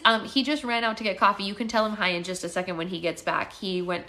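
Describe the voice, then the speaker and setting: A woman hosting a daily book-club livestream, chatting casually with viewers, laughing often and slipping into quick impressions. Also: mid-range voice, steady tone, pushed and bright. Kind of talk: casual live-stream chat and read-aloud. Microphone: phone.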